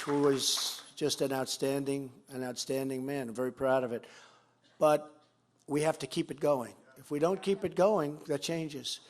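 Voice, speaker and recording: Older man, campaign speaker at a podium; emphatic, repetitive delivery, voice sits a bit high, loud bursts then drops low. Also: a little hiss or hum. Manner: repetitive, emphatic, swings between loud and quiet. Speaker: politician giving a campaign speech. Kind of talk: campaign rally speech. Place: fundraiser event.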